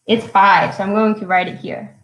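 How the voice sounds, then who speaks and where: A young woman teaching English poetry to children in a live online lesson, speaking slowly and clearly and cheering them on. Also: mid-range voice, level tone, fairly bright tone, reverberant, rough recording. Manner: encouraging, slow and clear, counting syllables aloud. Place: at home.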